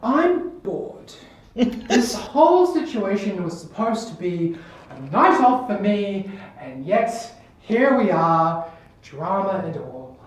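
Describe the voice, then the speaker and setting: A woman's voice: mid-range voice, sing-song, takes it slowly, pitched above the performer's own voice. Languid demon assassin countess, put on by a woman, theatrical, distant echoey recording. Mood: bored. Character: seductive bored female demon assassin countess. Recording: distant echoey room, faint noise.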